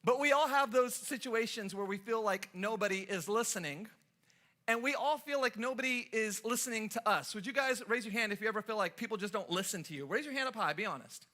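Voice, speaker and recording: At a church service, a pastor from the Los Angeles area, USA, speaks a little fast in a high-pitched, pushed and bright voice with lively intonation. He playfully teases his congregation and tells stories as he preaches.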